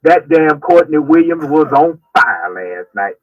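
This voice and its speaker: A man's voice: fairly high pitch, very animated, measured pace, no echo. A man calling into a sports radio show, brash and trash-talking with casual swearing. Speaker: caller. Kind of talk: call-in rant. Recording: dull lo-fi phone-in line.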